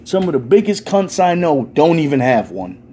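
A young man, delivering a loud, profane rant in a casual stand-up style. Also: a little high, normal speed. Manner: loud, swearing, ranting, animated. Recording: faint background noise.

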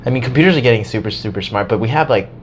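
Animated swearing man chatting casually. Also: mid-range voice, rapid-fire, slight background noise. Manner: animated, swearing, laughing storyteller. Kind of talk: casual chat.

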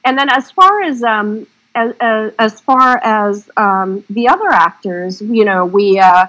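A woman's voice: medium pitch, unhurried, a bit bright, low-quality recording. Woman director, casual interview, chatty and rambling with a frank, salty streak. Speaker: independent film director.

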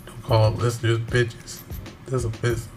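A man's voice: medium pitch, completely flat delivery, moderate pace, music in the background. Rambling young man co-hosting. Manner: rambling, restarts and laughs. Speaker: podcast co-host. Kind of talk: casual podcast banter.

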